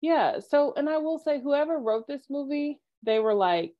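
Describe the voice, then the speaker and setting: A woman's voice: high voice, animated, moderate pace. A woman in a casual podcast chat, talking with animation and acting out little quotes in character. She laughs often. Her recording sounds a little dull and lo-fi. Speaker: podcast co-host.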